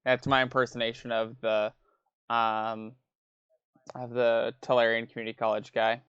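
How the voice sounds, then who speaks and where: A man's voice: medium pitch, flat delivery, normal speed, fairly bright tone, smooth, no room sound, dull audio. A man streaming a card game, chatting casually with joking, mumbling asides. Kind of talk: casual chat while playing a card game.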